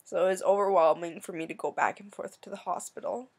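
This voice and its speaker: A young woman from Canada telling a personal story in a soft, halting, emotional way, with many pauses, near tears. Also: fairly low pitch, fairly even intonation, slightly rough. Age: young adult. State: tearful. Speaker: vlogger.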